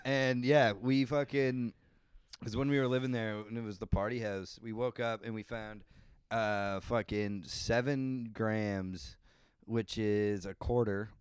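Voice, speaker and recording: Laid-back young man, smooth voice. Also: lowish voice, fairly even intonation, measured pace, no echo, studio quality. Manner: laid-back, laughs through stories, swears often. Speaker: podcast co-host. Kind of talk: casual storytelling chat.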